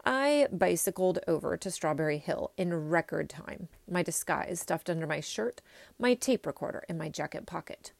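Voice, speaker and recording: A woman reading a children's story aloud in an expressive first-person way. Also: fairly low pitch, normal speed, vocal fry, dry recording. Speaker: reader.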